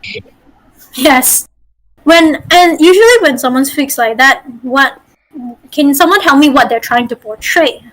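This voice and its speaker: A woman from Malaysia runs an online voice-acting class for tabletop players over a video call. Her voice sits high and light, and her speech is chatty and full of fillers as she coaches and corrects each player. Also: expressive, a little slow, fairly bright tone, rough recording. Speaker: workshop host and dungeon master. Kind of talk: teaching an online voice-acting workshop.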